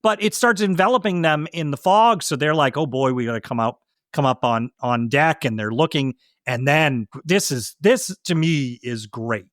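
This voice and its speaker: A man co-hosts a podcast, offering casual, enthusiastic movie commentary and constantly restarting his sentences in a rush. His voice is on the high side with a fairly bright tone, recorded dry with clean studio sound.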